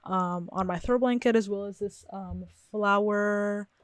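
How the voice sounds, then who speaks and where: A woman's voice: mid-range voice, a little slow, no room sound, clean studio sound. A young woman vlogging from her bedroom in a chatty, rambling, self-reflective way, laughing often. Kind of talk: casual chat to camera.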